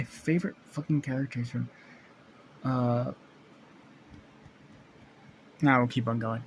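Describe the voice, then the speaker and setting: A man's voice: medium pitch, steady tone, moderate pace, slight background noise, low-quality recording. A man improvising a fan story aloud, rambling with frequent restarts and casual swearing.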